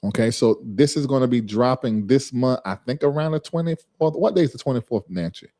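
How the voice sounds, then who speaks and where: A man's voice: medium pitch, brisk, warm tone. A man hosting a casual live stream, chatting with viewers by name and drilling them on how to say a word. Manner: chatty, repeats and drills a word's pronunciation; talks to chat viewers by name.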